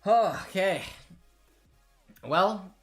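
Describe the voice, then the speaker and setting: A young man hosting a live football watchalong, reacting with excitement and emotion and talking to his viewers. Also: high voice, very slow, soft background music. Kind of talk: live match watchalong commentary.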